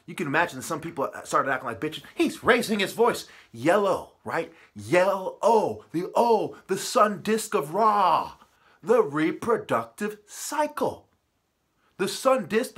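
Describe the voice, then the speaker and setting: A man in a profane, preachy ranting monologue, swinging from muttering to shouting. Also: high voice, slightly rough. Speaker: vlogger.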